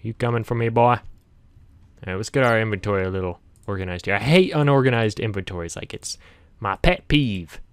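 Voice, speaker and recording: A man's voice: fairly low pitch, a little fast, smooth, no room sound. A man hosting a gaming channel, chatting to viewers as he plays, easily startled, with yelps and laughs. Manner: talks directly to viewers. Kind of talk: casual gameplay commentary.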